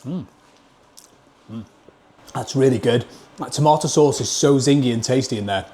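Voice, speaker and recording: Northern English man, mid-pitched, blunt casual food reviewer, talks between bites. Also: normal speed, warm tone. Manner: blunt, plain-spoken, scores each dish out of ten.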